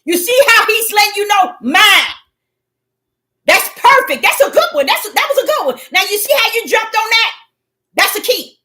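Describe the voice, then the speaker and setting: Woman, preacher, fervent sermon, shouts then hushes, animated melodic voice. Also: very high voice, normal speed. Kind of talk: impassioned sermon.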